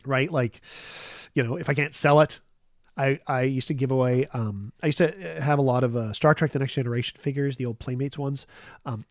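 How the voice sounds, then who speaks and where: A man's voice: medium pitch, no echo, studio quality. A man in his forties hosting a casual chat show, rambling through a personal story with lots of fillers and restarts. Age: 40s. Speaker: host.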